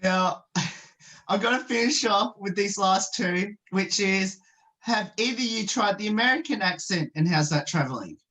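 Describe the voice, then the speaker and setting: A woman's voice: mid-range voice, expressive, measured pace, a bit bright, poor audio. A woman interviewer asking friendly questions on a video call and laughing along.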